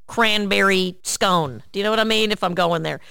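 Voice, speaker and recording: A woman's voice: mid-range voice, very fast, gravelly, fairly bright tone, clear, resonant tone, no room sound, clean studio sound. A woman hosting a casual comedic chat, brash and joking as she tells graphic stories. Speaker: host.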